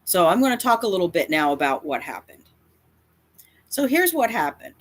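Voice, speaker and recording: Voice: mid-range voice, big pitch swings, normal speed, a bit bright. A YouTuber speaking straight to camera in a confrontational rant, defiant and emphatic, often repeating lines for effect. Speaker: cat advocacy YouTuber.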